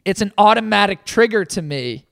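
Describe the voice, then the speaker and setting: A man with a notably high voice talks earnestly and emphatically, repeating key phrases to drive them home. The sound is dry and close, like a treated studio. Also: lively intonation, moderate pace, creaky, fairly bright tone, no room sound. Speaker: podcast co-host. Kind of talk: casual podcast talk.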